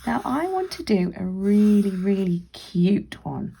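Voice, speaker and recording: A woman talks children through a drawing craft in a chatty, encouraging way. Her voice has a gravelly edge and a lively, bouncing pitch. Now and then she slips into a soft whisper. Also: a little slow. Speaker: library staff member leading a craft activity.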